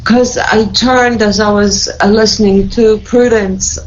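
Tearful, fervent woman giving slow testimony. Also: mid-range voice, steady tone, lo-fi sound, slight background noise. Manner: fervent, repeats words of thanks and blessing. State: tearful with joy. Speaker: participant sharing a testimony. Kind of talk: emotional spiritual testimony.

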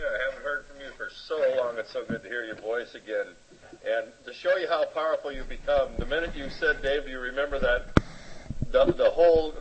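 A man sharing his view in an online group talk, telling it like a lively story full of "you know" and fillers. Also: mid-range voice, a little hiss or hum. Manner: animated storyteller with lots of fillers. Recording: lo-fi online voice chat.

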